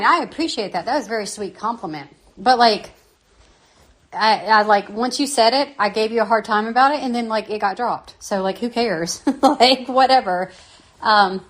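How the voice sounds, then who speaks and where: A woman with a Southern US accent leaving a casual voicemail, blunt and joking, with a lot of swearing. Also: mid-range voice.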